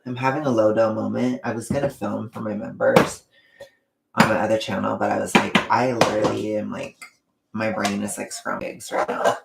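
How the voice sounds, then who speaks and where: A woman's voice: a bass voice, level tone, normal speed, vocal fry, roomy sound, very noisy. A woman casually chatting on a livestream while cooking at home, rambling and self-deprecating. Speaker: livestreaming vlogger. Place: home kitchen.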